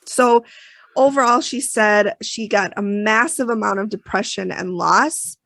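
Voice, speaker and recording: A woman co-hosting a podcast, talking in a casual, emotional way with lots of fillers and restarts. Her voice is mid-pitched with a gravelly fry. The sound is dry and close. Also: a little slow, fairly bright tone, dry recording. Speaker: podcast co-host recapping an episode. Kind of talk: casual chat.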